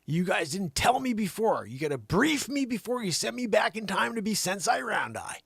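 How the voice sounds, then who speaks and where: A man hosting a show, doing an improvised comic monologue that swings from loud bursts to hushed asides. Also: sits high, big pitch swings, normal speed, creaky, husky, no echo. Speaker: comedy show host.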